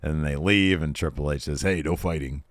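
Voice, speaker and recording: A man co-hosting a wrestling podcast, retelling the show in a lively, casual way and slipping into quoted voices. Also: very deep voice, no echo, studio quality. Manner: animated retelling, quoting wrestlers in quick shifts of voice. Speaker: podcast co-host. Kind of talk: casual wrestling recap chat.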